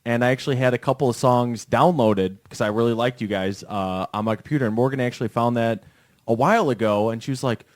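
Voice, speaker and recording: Man, podcast co-host, casual storytelling, self-deprecating, dry close sound, mid pitch. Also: fast talker, no room sound.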